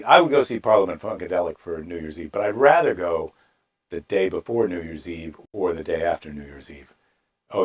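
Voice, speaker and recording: Middle-aged male comic host, lively up-and-down delivery, wry and rambling, mock-dramatic when reading. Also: low voice, slightly rough. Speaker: comedian hosting a daily live stream. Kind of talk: casual comedic chat with Bible reading.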